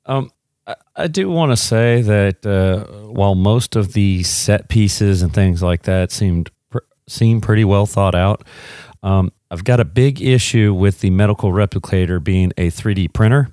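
A man's voice: fairly low pitch, a little slow, mellow, dry recording, studio quality. A man co-hosting a casual podcast chat, ranting with profane complaints. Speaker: podcast co-host.

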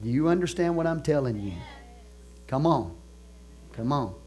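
A male pastor with a Texan accent delivers a sermon in a somewhat high voice. He talks to his church like a friend, drops to quiet asides, then builds to loud, driving calls, laughing and joking along the way. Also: expressive, moderate pace. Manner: conversational preaching that swings from soft asides to loud exhortation; laughs and jokes with the congregation.

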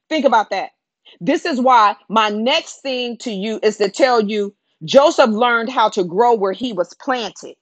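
A woman's voice: on the high side, no echo. A woman preaching a sermon in an earnest, conversational way, asking rhetorical questions.

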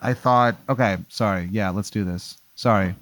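A man's voice: lowish voice, moderate pace, a bit bright, dry recording. A man playing along in casual chat, hesitant and stammering, blurting profanity. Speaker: guest.

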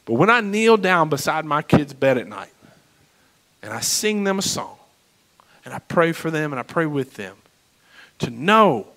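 Brief: male pastor preaching a sermon, high bright voice, passionate delivery. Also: big pitch swings, a little slow, long pauses, low-quality recording. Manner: impassioned preaching, swinging between loud and hushed.

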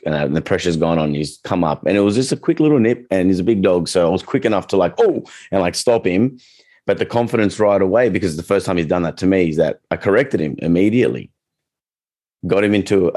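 A man talking casually as a dog trainer, chatty and relaxed, acting out little quoted reactions as he explains. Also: deep voice. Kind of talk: casual podcast chat.

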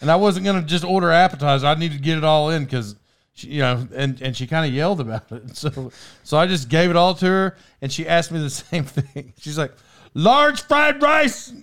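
A man's voice: a little high, brisk. Rambling, laughing male podcast host. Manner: rambling, self-interrupting, laughs often. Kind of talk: casual storytelling chat. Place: podcast studio.

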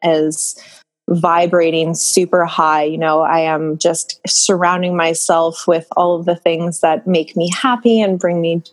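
A woman guest in a candid podcast conversation, speaking in a slow, dreamy, drawn-out way. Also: on the low side, little pitch movement.

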